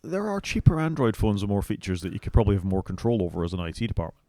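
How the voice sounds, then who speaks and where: A man with a fairly low voice co-hosts a relaxed tech podcast, weighing his points carefully with a dry, sceptical edge. The recording is close and dry, with no room echo. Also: rapid-fire. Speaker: podcast co-host. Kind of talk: casual tech chat.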